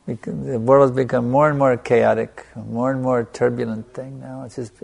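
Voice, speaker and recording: A man preaching in a gravelly voice at an everyday pitch, driving points home by repeating phrases. After each point he lets a quiet "you see" fall away. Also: steady tone, normal speed. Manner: emphatic, repeating phrases for stress. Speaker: spiritual teacher. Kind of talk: sermon.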